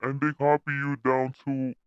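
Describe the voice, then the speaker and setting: A man's voice: medium pitch, completely flat delivery, normal speed, clear, resonant tone, no echo, highs cut off. A man in a casual podcast chat, emphatic and repeating his point.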